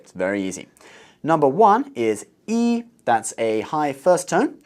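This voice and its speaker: Lively upbeat man hosting a language lesson. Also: medium pitch. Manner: upbeat and teacherly, slows to model words. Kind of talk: scripted teaching presentation.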